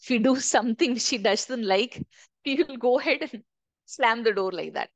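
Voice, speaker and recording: Middle-aged female trainer, slightly high, chatty, asks the room questions, dry close sound. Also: normal speed, no room sound. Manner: conversational, asks the group questions. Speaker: corporate trainer. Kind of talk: workshop talk to a live group.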